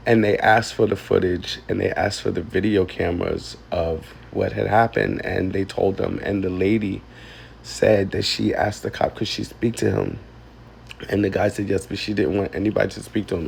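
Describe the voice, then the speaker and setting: A man telling a painful personal story, halting and emotional, close to tears. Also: sits low, gravelly, darkish tone, slight background noise. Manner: emotional, halting, with many ums and likes. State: tearful. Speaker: vlogger.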